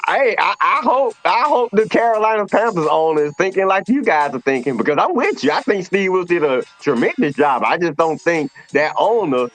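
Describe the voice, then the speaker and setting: A man co-hosting a casual sports talk show, animated and opinionated, with slangy phrasing. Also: high voice, a little fast, hardly any pauses, dry recording, soft background music. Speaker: co-host.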